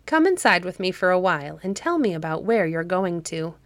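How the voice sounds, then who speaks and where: A woman reading a storybook who voices a kindly, calm old woman caretaker in a soft, soothing way. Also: lowish voice, fairly quick, no echo. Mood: gentle.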